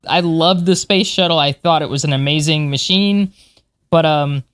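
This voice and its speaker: There's no room sound as this low-voiced woman talks at a moderate pace. A space historian in her forties who co-hosts a podcast, she keeps the casual chat lively and enthusiastic, laughing often.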